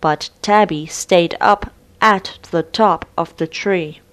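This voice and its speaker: Woman reading a storybook very slowly. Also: lowish voice. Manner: clear, deliberate and lively. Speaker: storybook reader. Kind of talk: slow read-aloud storybook narration.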